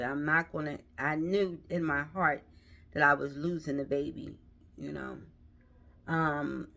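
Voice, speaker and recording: A middle-aged woman recounts a hard personal memory, pausing and restarting as she searches for words. She talks slowly, and her voice has a bright, forward edge. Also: sits low, vocal fry. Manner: halting, emotional, many restarts. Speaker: storyteller. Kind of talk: personal storytelling.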